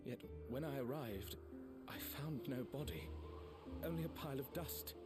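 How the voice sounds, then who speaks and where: An actor voicing a formal, unhurried man who explains things with care. His game dialogue is calm and deliberate. Loud game music plays under every word. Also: medium pitch, natural voice. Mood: measured. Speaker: game character. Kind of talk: voiced game cutscene dialogue.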